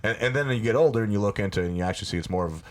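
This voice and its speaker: A man's voice: lowish voice, very fast. A man co-hosting a podcast, chatting casually and teasing crudely. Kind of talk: casual chat.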